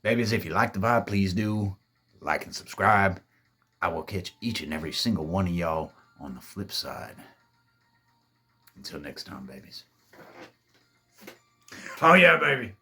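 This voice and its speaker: Man, low husky voice, casual ghost-story telling, swears a lot, calls listeners babies. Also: normal speed, a bit bright.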